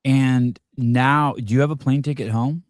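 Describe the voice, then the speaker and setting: A man hosting a casual interview, asking questions in a halting way with frequent restarts and "um"s. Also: medium pitch, fairly even intonation. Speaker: podcast host.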